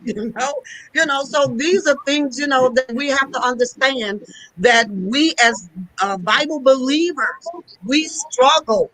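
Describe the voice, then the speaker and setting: A woman's voice: high voice, a little slow, a bit bright, no room sound, poor audio. Female apostle, preachy emphatic delivery, dry close sound. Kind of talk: preaching discussion.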